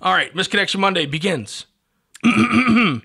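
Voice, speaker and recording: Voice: medium pitch, lively intonation, measured pace, vocal fry, pushed and bright, slightly rough. A podcast co-host in casual studio banter, blunt and opinionated, teasing their partner.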